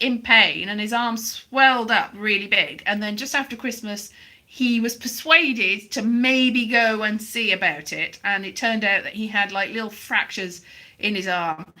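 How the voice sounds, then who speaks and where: A vlogger with a mid-range, sharp-toned voice chats on a live stream, her phone held out at arm's length. Her talk wanders, dry and self-mocking.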